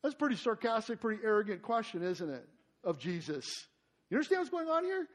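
A man preaching a sermon as pastor. He gets louder and higher when stressing a point, then drops to a soft, quiet tone in prayer. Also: big pitch swings, fast.

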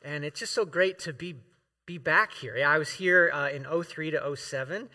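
A man's voice: a little high, moderate pace, sharp tone. A man preaching as a guest, heartfelt and emotional, with many fillers and restarts, reading scripture aloud to the congregation. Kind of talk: sermon. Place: church sanctuary.

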